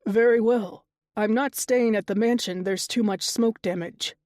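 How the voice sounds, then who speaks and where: A woman's voice: on the high side, unhurried, darkish tone, dry recording, clean studio sound, lightly acted. A woman voicing an anxious young male king-to-be who speaks formally and nervously in an audiobook. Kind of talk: audiobook character dialogue.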